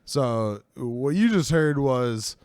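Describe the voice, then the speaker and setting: A man's voice: medium pitch, lively intonation, slow pace, a little mellow, clean tone, dry recording, clean studio sound. A young man hosting a casual podcast from a room in his house, rambling and laughing often. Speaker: podcast host. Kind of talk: casual chat.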